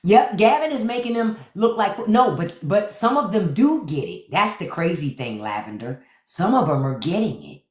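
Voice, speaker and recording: A woman's voice: mid-range voice, very animated, moderate pace, hardly any pauses. A woman hosting a livestream, giving blunt, profane, mocking commentary straight to her viewers. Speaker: livestream host. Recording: roomy echo.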